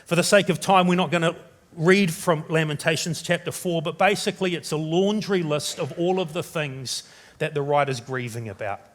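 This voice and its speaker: A man preaching a sermon as pastor, from New Zealand, turning dramatic and loud when he voices the biblical writer's questions. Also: on the high side, moderate pace.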